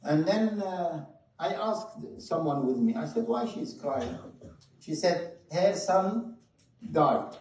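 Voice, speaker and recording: A man preaching a sermon, telling a story with passion, shifting between loud stresses and hushed moments. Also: fairly high pitch, lively intonation, takes it slowly. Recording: very echoey hall, mic at a distance.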